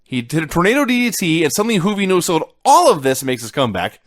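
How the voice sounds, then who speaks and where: A man's voice: a little high, very animated, quick pace, no room sound. A man co-hosting a podcast, recapping old wrestling matches play by play in casual chat with a dry, matter-of-fact delivery. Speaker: podcast co-host.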